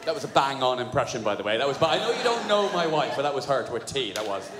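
A middle-aged stand-up comedian with a lively, slightly high voice, rattling through his set. Recorded in an echoey hall with a long reverb tail. The crowd ambience comes through clearly. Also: background noise. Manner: fast, animated storytelling with put-on voices. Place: large venue with audience.

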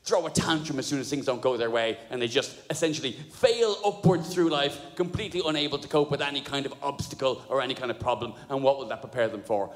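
A middle-aged man performing a fast, animated stand-up comedy routine, slipping into put-on voices. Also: mid-range voice. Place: large venue with audience. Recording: echoey hall with audience ambience.

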